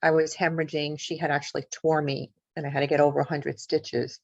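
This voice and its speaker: A woman with a low-set voice tells her story as a guest in an interview, vividly and with feeling, and acts out what people said. The sound is dry and close, a bit muffled, as on a remote call. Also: flat delivery, fairly quick, dry recording. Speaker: author and paranormal investigator, guest.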